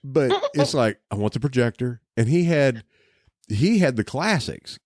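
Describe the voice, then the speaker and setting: Animated man telling stories on a podcast. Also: mid-range voice, measured pace, dry recording, studio quality. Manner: animated, laughing storyteller with many restarts. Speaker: podcast co-host. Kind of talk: casual podcast chat.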